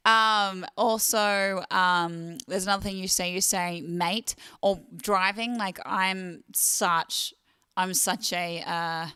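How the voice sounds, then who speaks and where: An Australian woman hosting a casual livestream, chatty and quick to laugh, reading viewer comments aloud. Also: lowish voice, bright, forceful tone, clean tone, dry recording, studio quality. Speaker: livestream host.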